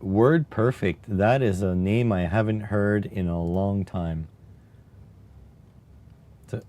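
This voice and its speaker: A man streaming live, chatting casually and musing aloud in a wry, unhurried way as he types. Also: on the low side, warm tone. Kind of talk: casual live-stream chat while typing.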